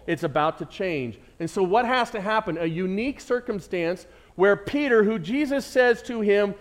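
A man with a drawl preaches a sermon from the pulpit. He keeps putting questions to the congregation and answering them himself. His voice sits somewhat high for a man. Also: expressive, normal speed, hardly any pauses. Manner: call-and-response questions to the congregation. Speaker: pastor.

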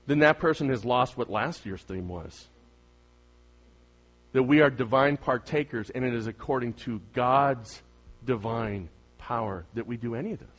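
A pastor preaches a sermon, putting questions to his congregation and swinging between loud emphasis and soft, quiet asides. He has a mid-range voice at normal speed, with soft music in the background.

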